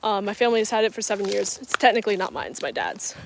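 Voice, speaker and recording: A woman's voice: medium pitch, animated, racing, vocal fry, background noise. Chatty young woman vlogging outdoors. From North Carolina, US coast. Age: 20s. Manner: chatty, laughs often, answers viewer comments. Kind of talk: casual livestream chat. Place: outdoors, parking lot and grassy area.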